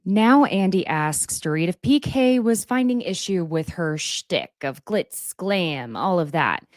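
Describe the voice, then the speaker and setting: A woman in a casual, opinionated recap, talking in a chatty way with quick asides. Her voice sits a bit low but rises and falls a lot. The sound is dry, with no room echo. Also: expressive. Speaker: recap host.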